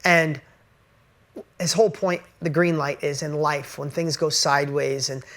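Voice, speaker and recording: A man's voice: a little high, fairly even intonation, measured pace, a bit bright. A man giving an earnest, conversational motivational talk straight to camera, pressing his points with emphasis. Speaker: motivational speaker.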